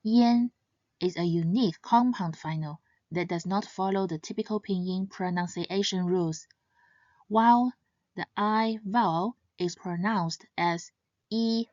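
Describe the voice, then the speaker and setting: A woman teaching pronunciation in a scripted lesson, speaking slowly and carefully and stressing each example sound. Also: fairly low pitch, a little mellow, dry recording, dull audio. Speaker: language teacher.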